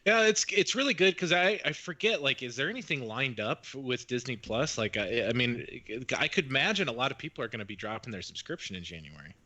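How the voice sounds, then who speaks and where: A man's voice: mid-range voice, expressive, brisk, few pauses, pushed and bright. A man hosting a casual podcast, chatty and rambling, with lots of fillers and restarts. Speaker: podcast host.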